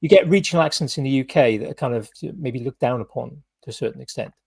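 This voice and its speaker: Husky British man rambling in podcast chat. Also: medium pitch, fast talker, darkish tone. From United Kingdom. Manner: rambling, full of "kind of" and "you know" hedges. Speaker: podcast host.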